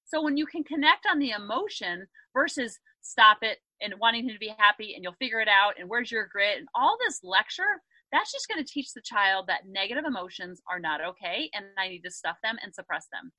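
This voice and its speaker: A woman in her thirties, a parenting coach and podcast guest, explaining her approach in a lively conversational way, often acting out quotes. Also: mid-range voice, fairly quick, hardly any pauses, no room sound, low-quality recording. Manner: upbeat, animated storytelling with acted quotes. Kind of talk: conversational interview.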